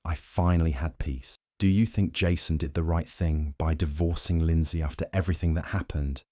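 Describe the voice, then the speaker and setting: Very deep male story narrator. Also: steady tone, moderate pace, warm tone, no room sound, clean studio sound. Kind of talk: scripted first-person storytelling.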